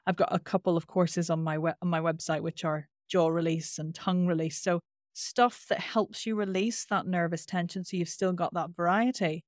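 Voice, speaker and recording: A woman's voice: on the low side, moderate pace, no room sound, studio quality. Northern Irish woman with a nasal twang. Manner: animated, demonstrates with sung-out sounds. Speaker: voice and accent coach. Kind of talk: interview answers, explanatory.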